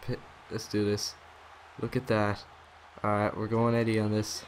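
Excitable young man commentating a wrestling game. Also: on the low side, moderate pace, a little hiss or hum. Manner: excitable, swears, talks to the game opponent. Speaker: gaming YouTuber. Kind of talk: casual gameplay commentary.

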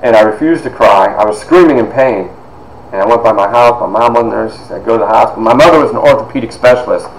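A man in his fifties from Toledo, Ohio, telling personal stories in an animated, conversational way with frequent asides. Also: mid-range voice, fast talker. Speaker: author and speaker. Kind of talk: personal storytelling talk. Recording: echoey room with faint noise.

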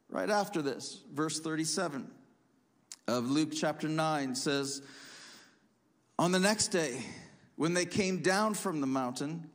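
A man preaching a sermon as pastor, emphatic, swinging between loud punchy lines and quiet asides. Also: on the high side. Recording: long hall reverb.

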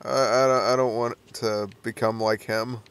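A man's voice: medium pitch, flat delivery, normal speed, a bit bright, a little hiss or hum. A young man playing a horror game and commenting on it, nervous and jumpy, laughing off the scares. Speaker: let's play gamer.

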